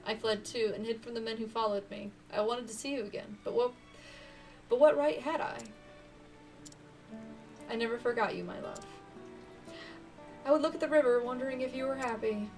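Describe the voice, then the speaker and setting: A gentle, sorrowful mother near death, as a woman reads her lines aloud. The voice sits high and soft, slow and hushed. It is heard through a mic set back from the speaker, with game music playing faintly underneath. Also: recorded from a distance, close to an everyday voice. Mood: tender, sorrowful.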